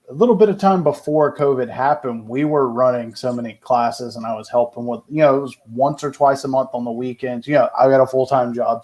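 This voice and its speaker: A man speaking as a guest on a casual podcast, in an ordinary mid-range voice. He talks in a relaxed, rambling way and leans on fillers. He sounds laid back as he tells his stories. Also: medium pitch. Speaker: podcast guest, firearms instructor.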